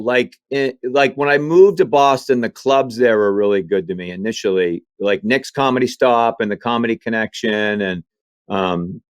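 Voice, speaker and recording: A comedian from Maine telling animated stories in an interview, acting out other people's voices as he goes. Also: medium pitch, clear, resonant tone, dry recording. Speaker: comedian guest. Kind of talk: storytelling interview chat.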